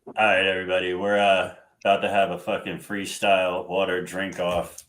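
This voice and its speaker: Low-voiced man hosting a rowdy livestream. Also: little pitch movement, a little fast, fairly bright tone. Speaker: host running the show. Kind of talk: casual livestream chat.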